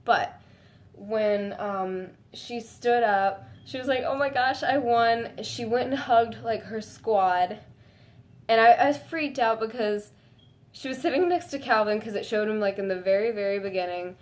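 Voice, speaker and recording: A woman vlogging to her viewers in a gushing, excitable way, full of "like" fillers and breaking into high squeals. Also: unhurried. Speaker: fan vlogger. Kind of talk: casual chat to camera.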